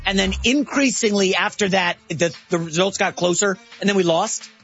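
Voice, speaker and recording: A man co-hosting a sports talk show, chatty and animated. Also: high voice, moderate pace, slightly rough, lo-fi sound, soft background music.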